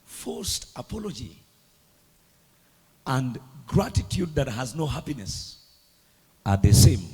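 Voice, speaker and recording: Raspy preacher in a ringing hall. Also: male voice, mid-range voice, sing-song, takes it slowly, pauses often, soft background music. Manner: dramatic, swings between hushed and loud lines. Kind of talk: sermon. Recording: echoey hall with long reverb.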